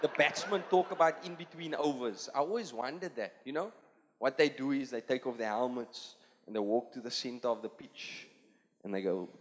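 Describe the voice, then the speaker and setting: A man with a South African Indian accent doing a stand-up comedy set on a theatre stage, acting out characters in quick put-on voices. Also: mid-range voice, a little hiss or hum. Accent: South African Indian English. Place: theatre stage before a live audience. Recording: live hall recording with loud audience ambience.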